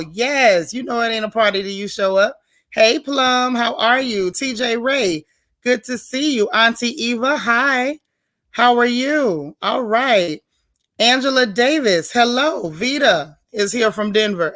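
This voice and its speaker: A woman's voice: fairly high pitch, fairly bright tone. A woman hosting a casual livestream, greeting viewers by name and chatting in a folksy, talkative way. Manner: chatty, folksy, drawls "y'all" and "child". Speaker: host of a reality TV recap livestream.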